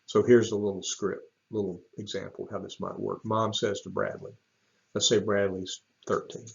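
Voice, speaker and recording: Gravelly low-voiced man giving parents advice. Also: moderate pace, lo-fi sound. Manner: rambling, relaxed, many ums and restarts. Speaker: church staff speaker. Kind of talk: advice talk to parents in a video.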